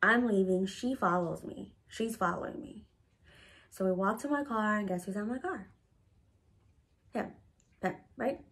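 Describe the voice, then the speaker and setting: A woman telling a personal story to her viewers in a casual, animated way, swearing freely and filling her talk with "like". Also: medium pitch, unhurried, pauses often, slight background noise. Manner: animated, profane, heavy use of "like". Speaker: storytime vlogger.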